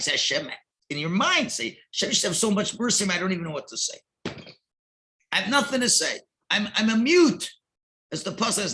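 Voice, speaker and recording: Male rabbi teaching text class, high lively gravelly voice, bright tone, reads then translates, bursts of emphasis. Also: slight background noise. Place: synagogue.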